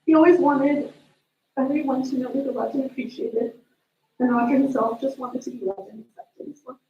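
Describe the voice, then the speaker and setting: A woman speaking as a sister at a memorial, telling family stories in an animated way. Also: sits high, moderate pace. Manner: storytelling, animated retelling of family moments. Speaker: sister giving a eulogy. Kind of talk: memorial eulogy with family anecdotes. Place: memorial service room. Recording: distant echoey room mic, dull sound.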